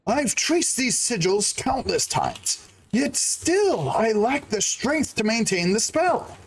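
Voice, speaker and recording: Pretentious game mage, slow haughty lines, read by a male streamer. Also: extremely high pitch, big pitch swings, husky, heavily acted.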